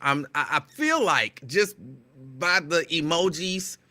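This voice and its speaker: A man hosts a live afternoon show, running through listener shout-outs with playful teasing. His voice is bright and forceful, sitting slightly high, and he gets loud when excited. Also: slow. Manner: animated, excitable, loud at times. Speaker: radio show host. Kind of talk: casual live-show chat greeting listeners.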